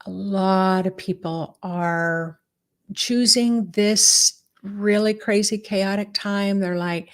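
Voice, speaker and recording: A woman's voice: mid-range voice, steady tone, slow. A middle-aged woman, a spiritual teacher, talking casually to her viewers and guiding them through imagery in a chatty, encouraging way. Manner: chatty and encouraging, guides the listener through visualizations. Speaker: spiritual teacher hosting a live stream.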